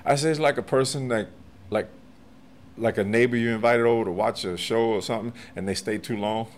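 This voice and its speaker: Podcast guest, man in his forties or older, mid-pitched, salty and animated, loud laughs. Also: fairly quick. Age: 40s or older. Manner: profane, animated, laughs often. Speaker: podcast guest, martial arts master. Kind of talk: casual storytelling chat.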